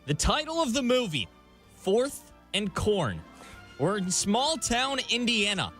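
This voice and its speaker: Man, radio producer, high bright voice, animated, explains the setup. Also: takes it slowly, faint music behind. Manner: setting up a scene, explanatory.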